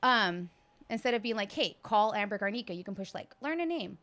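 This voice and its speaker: A woman's voice: mid-range voice, expressive, fairly quick, a bit bright. A young woman, a podcast guest and hospital worker, telling crude, joking stories in casual chat. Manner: joking, self-described vulgar storyteller.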